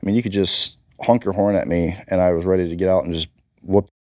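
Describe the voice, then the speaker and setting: Interview guest, man, Marine combat veteran, very low and dark voice, blunt and emphatic. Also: steady tone, quick pace, no room sound, studio quality. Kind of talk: candid interview talk.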